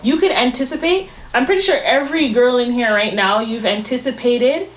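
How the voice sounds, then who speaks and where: A young adult woman co-hosting a talk show, chatting casually and giving dating advice in a relaxed, rambling way. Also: on the high side, brisk, echoey room, rough recording. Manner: chatty, gives advice with many "like" fillers. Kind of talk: casual chat.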